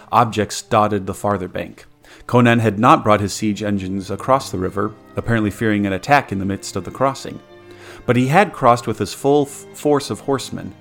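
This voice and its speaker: A man narrating a story aloud as a podcast co-host, steady with occasional stumbles and restarts. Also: lowish voice.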